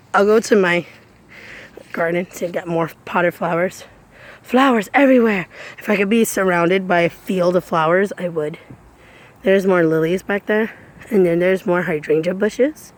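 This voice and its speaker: A woman cosplayer giving a casual walking tour of her backyard garden. She talks chattily, repeats her phrases, and breaks into high squeals of delight. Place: outdoors in a home backyard garden.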